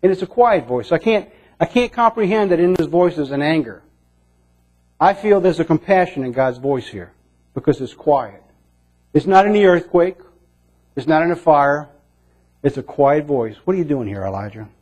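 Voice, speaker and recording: A man preaching a sermon in an earnest way, moving between emphatic lines and hushed ones. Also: fairly high pitch, expressive, moderate pace, long pauses. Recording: dull lo-fi recording.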